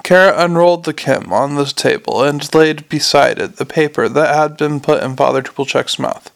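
Gravelly man reading a novel aloud. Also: a little high, normal speed. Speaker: narrator. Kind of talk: audiobook narration.

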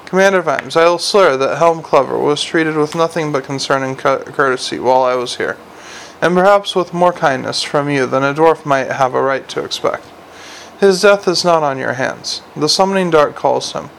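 Guy doing a grave old dwarf priest, formal and measured, gravelly. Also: fairly high pitch, fairly bright tone, slight background noise, low-quality recording. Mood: solemn.

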